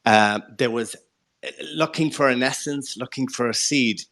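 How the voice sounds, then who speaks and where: An Irish man speaks as a guest in a casual chat. He is polite and reflective, pausing on fillers as he builds toward his question. His voice sits mid-pitch and sounds dry and close. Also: fairly bright tone, no echo.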